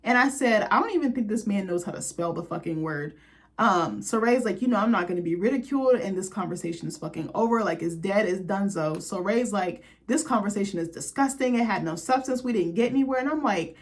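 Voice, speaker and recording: A woman's voice: mid-range voice, lively intonation. Sassy woman recapping reality TV. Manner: sassy, profane, quick asides. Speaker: recap host.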